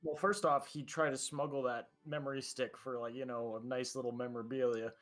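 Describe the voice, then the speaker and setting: Man player in a tabletop game, casual and halting, full of fillers. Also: mid-range voice, fairly even intonation, fairly bright tone, faint music behind. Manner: casual, hesitant with many fillers.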